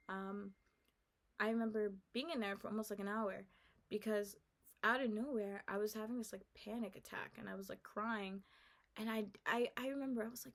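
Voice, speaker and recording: Soft-spoken young woman telling her story. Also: on the high side. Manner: halting, full of "like" and restarts. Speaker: vlogger. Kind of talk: personal testimony, casual storytelling.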